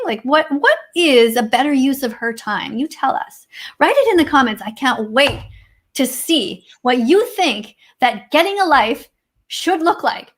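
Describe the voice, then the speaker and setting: A woman's voice: sits high, very animated, measured pace. A Canadian woman co-hosting a livestream over a video call, reading out chat comments and answering them sarcastically, with some swearing. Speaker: livestream co-host.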